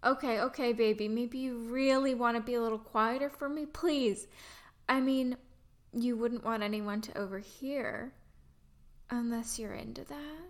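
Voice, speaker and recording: A young woman performing an intimate audio role-play, breathy and pleading with soft giggles. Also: on the high side, fairly even intonation, a little slow.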